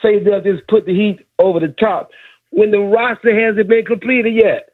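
A man's voice: high-pitched, fairly even intonation, moderate pace. A man calling in to a sports radio show, arguing and repeating his questions over a tinny phone line. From Miami area. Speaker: caller. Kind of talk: argumentative sports call-in.

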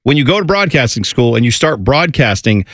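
A man from Central Ohio co-hosting a casual chat show, animated and quick to slip into mocking put-on accents. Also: mid-range voice, dry recording, studio quality. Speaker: podcast co-host.

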